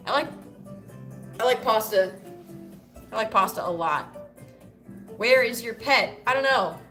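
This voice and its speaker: A woman's voice: a little high, expressive, measured pace, a bit bright, faint music behind. A woman from the United States hosting a casual livestream, answering chat comments in a loose, profane, joking way. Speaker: livestream host.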